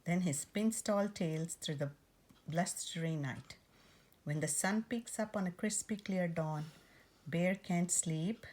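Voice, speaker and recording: A woman reading a rhyming picture book aloud, rhythmic and expressive. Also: lowish voice, slow pace. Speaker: storyteller.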